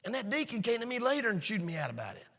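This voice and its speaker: A man preaching a sermon, emphatic and storytelling, swinging between shouts and hushed asides. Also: high-pitched, wildly swooping pitch, very fast, long reverb tail. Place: church sanctuary.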